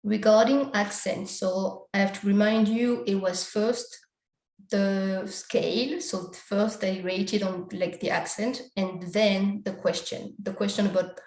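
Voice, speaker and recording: A woman's voice: medium pitch, steady tone, measured pace, darkish tone, echoey room, low-quality recording. A woman giving an academic conference talk, walking through slides and explaining survey results step by step. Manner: explanatory, steps through results with frequent quotes of survey questions.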